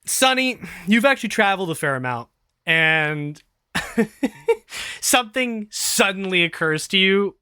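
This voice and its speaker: A man narrating as game master of a tabletop role-playing game, animated and laughing often. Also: high voice, a little slow, smooth, dry recording.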